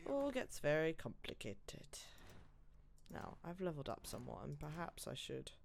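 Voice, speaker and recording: A woman's voice: sits low, very animated, moderate pace, vocal fry, slight background noise. A woman streaming a video game, chatting casually and rambling as she plays, swearing and laughing at her mishaps. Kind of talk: casual gameplay commentary.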